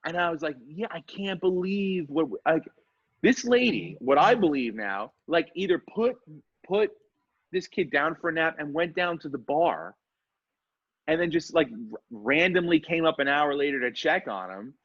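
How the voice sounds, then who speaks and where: Animated storytelling man, lively pitch. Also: normal speed, dry recording. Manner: animated, swearing, acts out voices in his stories. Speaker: podcast co-host. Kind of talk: casual storytelling chat. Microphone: remote call mic. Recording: dull lo-fi internet call audio.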